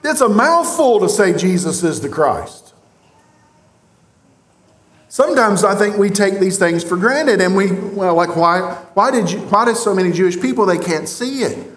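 A pastor delivering an emphatic sermon, with rhetorical questions and long pauses. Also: male voice, high voice, animated. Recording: roomy echo.

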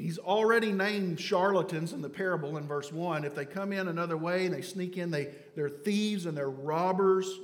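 A man preaching a sermon, swinging from loud emphatic phrases to hushed low words. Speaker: pastor. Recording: long hall reverb.

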